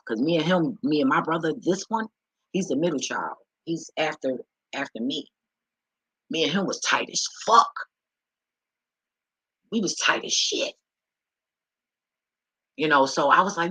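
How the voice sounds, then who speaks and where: Young woman, AAVE speech, profane candid vlog rant, husky tone, dry close sound. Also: sits low, moderate pace, long pauses, no room sound, rough recording. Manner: profane, blunt, animated storytelling. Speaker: vlogger.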